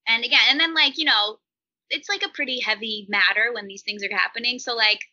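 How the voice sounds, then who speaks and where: A chatty woman in her thirties guests on a podcast, her voice sharply bright and slightly high. She rambles through stories packed with "like" fillers. The audio is somewhat dull and lo-fi. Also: fairly quick. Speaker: interview guest. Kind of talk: casual podcast interview.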